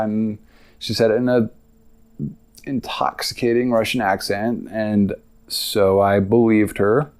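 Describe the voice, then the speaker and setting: Young male podcast host, lowish voice, loose rambling storyteller. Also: level tone, slow, a little mellow, clear, resonant tone. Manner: rambling, casual, lots of filler and asides. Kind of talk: personal storytelling monologue.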